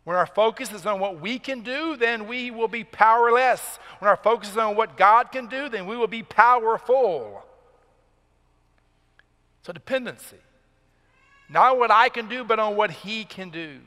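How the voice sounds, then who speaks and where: Male pastor, emphatic sermon delivery, sharp bright tone, long church-hall reverb. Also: high voice, moderate pace. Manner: emphatic preaching, rising for key points. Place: church sanctuary.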